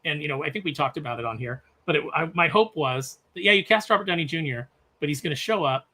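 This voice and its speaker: A man with a bright, forceful voice and a somewhat high pitch, chatting casually on a podcast panel. He rants with sarcastic, animated energy and jumps between highs and lows. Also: fast talker. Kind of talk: casual chat.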